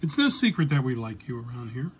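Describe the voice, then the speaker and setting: A man's voice: medium pitch, sing-song, fairly quick, slight background noise, lightly acted. A man voicing the jovial male boss of a pest-control crew, hearty and coaxing, turning incredulous.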